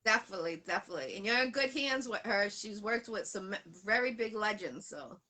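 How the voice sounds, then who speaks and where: A woman's voice: medium pitch, expressive, a little fast, bright, forceful tone. A woman with a Boston accent hosting a casual live-stream interview, affirming her guest and often repeating her words. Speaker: host.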